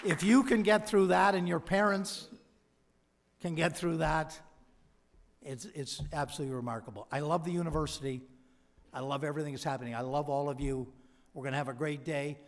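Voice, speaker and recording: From a podium in a large hall, a man with a slightly high voice speaks a little fast with fairly even intonation, long reverb echoing through the recording. His convocation speech is ceremonial, woven from anecdotes and quotes of people he met.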